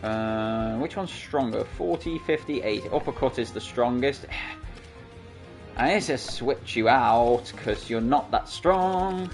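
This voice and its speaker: An Australian man with a Sydney accent commentating a video game, excitable and shouting at the battles. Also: mid-range voice, takes it slowly, faint music behind. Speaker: gaming channel host. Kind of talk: let's play commentary.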